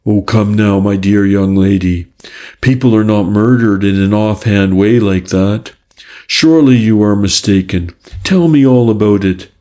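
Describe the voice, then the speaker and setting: A man's voice: medium pitch, a little slow, dark tone, natural voice. A man reading a kindly, courteous police inspector. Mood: reassuring. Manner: kindly, soothing, slightly testy.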